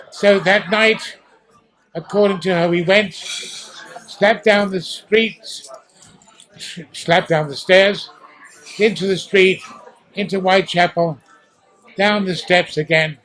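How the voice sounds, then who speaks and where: A high-pitched, fairly bright voice with a steady tone belongs to an eighty-something guest actor from the East End of London with a posh English accent. He speaks slowly and pauses often, theatrically telling stories and acting out sounds in a restaurant interview, on a low-quality recording.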